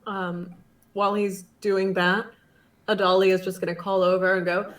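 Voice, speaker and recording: A woman's voice: medium pitch, little pitch movement, normal speed. A woman playing a tabletop game online, chatty and giggly. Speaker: player. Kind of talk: casual tabletop play.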